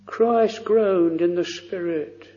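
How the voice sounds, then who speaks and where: A man preaching a sermon, slow and fervent, drawing out pleading phrases. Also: high voice, warm tone. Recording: dull lo-fi recording in a reverberant hall.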